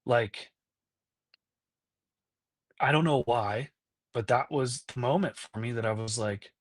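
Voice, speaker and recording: A man's voice: mid-range voice, slow, no echo, studio quality. Earnest man telling a hard story. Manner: earnest, keeps checking in with "right?" and "you know?"; acts out past conversations in quoted voices. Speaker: podcast guest. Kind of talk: candid personal storytelling.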